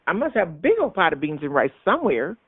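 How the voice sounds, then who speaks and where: A man's voice: fairly high pitch, very animated, quick pace, slightly rough, no echo. A man preaching a sermon, emphatic and repetitive, with frequent restarts. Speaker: minister. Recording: tinny phone-like sound, dry.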